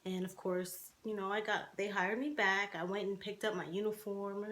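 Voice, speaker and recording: A woman's voice: medium pitch, fairly even intonation, normal speed, fairly bright tone. A woman in her twenties telling her own life story to the camera, speaking candidly with many fillers and restarts. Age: 20s.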